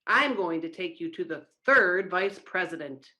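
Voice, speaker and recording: A woman's voice: fairly low pitch, lively intonation, measured pace, sharp tone. A woman voicing an angry male general manager who scolds.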